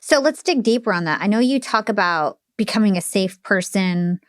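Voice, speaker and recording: A woman's voice: mid-range voice, animated, moderate pace, no room sound, studio quality. A woman hosting a podcast, asking questions in a casual way with lots of fillers. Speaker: podcast host. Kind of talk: conversational interview.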